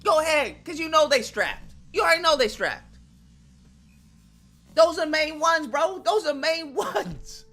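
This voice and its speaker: A man's voice: very high voice, animated, a little slow, long pauses, pushed and bright. A man hosting his own channel, delivering an emphatic, profane commentary rant and repeating lines for effect.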